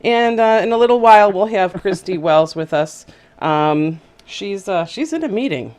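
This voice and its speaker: A woman's voice: medium pitch, animated, moderate pace, darkish tone. Chatty woman hosting a video chat. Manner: chatty, hesitant, many fillers. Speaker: host. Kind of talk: casual video chat show.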